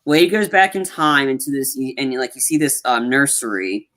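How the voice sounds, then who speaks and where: A man's voice: mid-range voice, expressive, normal speed, fairly bright tone. A man co-hosting a casual movie review podcast, retelling scenes at length and acting out the characters' lines. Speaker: podcast co-host.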